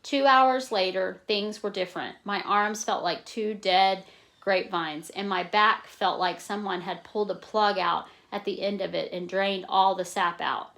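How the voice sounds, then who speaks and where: A woman reading a novel aloud in a plain, steady way, stopping now and then to explain in casual asides. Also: mid-range voice, measured pace, creaky. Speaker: reader.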